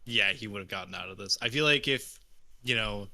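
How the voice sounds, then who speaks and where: A man's voice: lowish voice, brisk, sharp tone, no room sound. A man co-hosting a casual chat, joking and laughing at his own lines.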